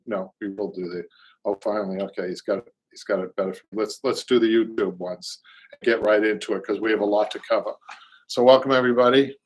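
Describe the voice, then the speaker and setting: A man's voice: fairly low pitch, fairly even intonation, fairly quick, husky. A middle-aged man with a Boston accent hosts a live show in casual chat, rambling and reading viewer comments aloud. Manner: rambling, repeats words, reads comments aloud. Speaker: show host, upholsterer.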